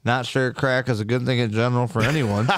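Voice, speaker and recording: A man's voice: medium pitch, steady tone, brisk, dry recording. A man hosting a podcast who reads out viewer comments and jokes in a profane, casual way. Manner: profane, joking banter. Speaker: podcast host.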